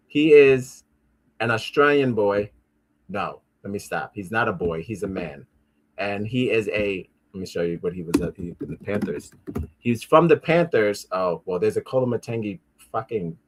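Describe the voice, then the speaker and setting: Rambling, profane man hosting a show. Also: on the low side. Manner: rambling and profane, with frequent restarts and asides; easily frustrated, talks back at his devices. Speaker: podcast host. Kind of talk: casual pop-culture commentary.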